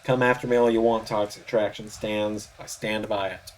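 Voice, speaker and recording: A man's voice: lowish voice, little pitch movement, moderate pace. Man with a sore throat calling matches. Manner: announcer-style play-by-play, hype calls. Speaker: commentator, channel host. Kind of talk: play-by-play video game wrestling commentary.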